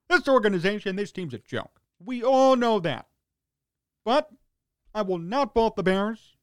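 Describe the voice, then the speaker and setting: A man's voice: sits high, clear, resonant tone, no room sound. A man hosting a sports talk radio show, ranting in a sarcastic, exasperated way in short punchy fragments.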